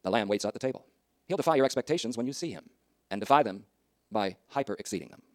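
A male preacher delivers a sermon at a rapid clip, words tumbling out quickly. He swings dramatically between loud emphasis and hushed asides. The sound is dry and close, with no room echo. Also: lowish voice, lively intonation.

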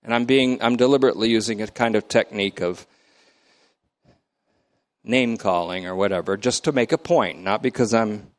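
An older man leading a Bible study in a lecture style, emphatic and slow to define each term, his pitch often swinging up and down. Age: middle-aged or older. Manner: emphatic, defines terms slowly word by word.

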